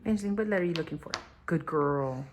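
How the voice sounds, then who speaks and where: A woman's voice: low voice, quick pace, background noise. A young mother encouraging her toddlers at the table at home, cheerful and sing-song, sometimes dropping to a whisper. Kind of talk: casual home video with children.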